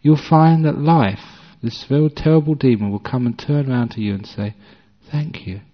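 A man giving a dharma talk as a meditation teacher, a conversational storyteller with gentle humor. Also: mid-range voice, a little fast. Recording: dull recording with long hall reverb.

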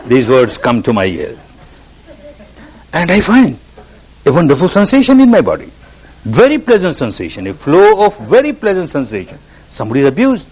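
A man's voice: a little high, huge pitch swings, moderate pace, pauses often, darkish tone, husky, rough recording. A man giving a meditation talk, repeating phrases for emphasis as he tells an example story. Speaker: meditation teacher. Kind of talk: spiritual discourse.

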